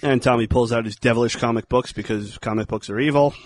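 A man's voice: medium pitch, quick pace, a little hiss or hum. A man from the New York area co-hosting a casual film commentary podcast, rambling, joking and swearing freely. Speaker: podcast co-host.

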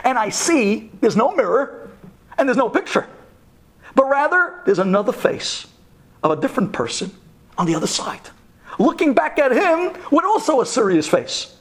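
A rabbi telling a story in a sermon, lively and animated, rising to exclamations and then going hushed and earnest. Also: male voice, very high voice, moderate pace.

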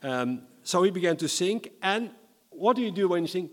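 A man from the Netherlands, preaching a sermon in a lively, humorous way and reading scripture dramatically. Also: high voice, normal speed, long reverb tail.

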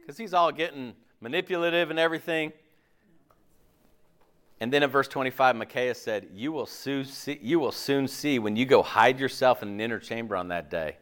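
A pastor giving a casual, jokey sermon, asking the audience questions and laughing often. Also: male voice, mid-range voice, normal speed, fairly bright tone, smooth.

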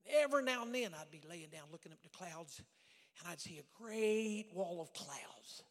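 High, gravelly evangelist preacher in a reverberant church. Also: male voice, animated, moderate pace, a bit bright. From Oklahoma. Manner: dramatic storytelling, dropping to whispers for emphasis. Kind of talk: sermon. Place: church sanctuary. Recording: long church hall reverb.

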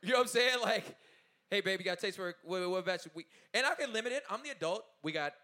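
A man in his thirties giving a casual, animated talk to an audience, often checking in with his listeners and laughing as he goes. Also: high voice, racing. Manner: loose, informal phrasing with laughs. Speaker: artist speaking at a talkback.

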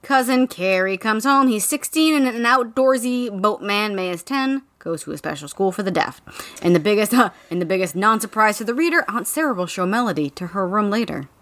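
A woman's voice: mid-range voice, lively intonation, brisk, a bit bright. A woman in a mid-range voice carries a casual book recap, summing up the plot in a dry, sarcastic way. She drops blunt, profane asides as she goes. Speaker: podcast co-host.

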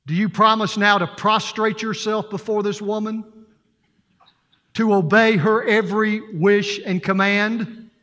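Man voicing a stern wedding preacher, slow and solemn in a reverberant church. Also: sits high, steady tone, bright, forceful tone. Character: stern middle-aged male preacher at a wedding.

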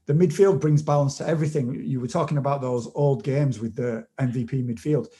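A man co-hosting a casual podcast, speaking over a video call in a knowledgeable, measured way with frequent restarts. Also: mid-range voice, fairly even intonation, warm tone. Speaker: podcast co-host and football analyst. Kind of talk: casual chat, detailed analysis.

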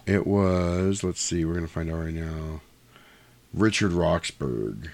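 Low-voiced man cracking crude jokes. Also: slow, gravelly, darkish tone. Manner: crude, joking, acts out scenes. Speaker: podcast co-host. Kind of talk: casual chat.

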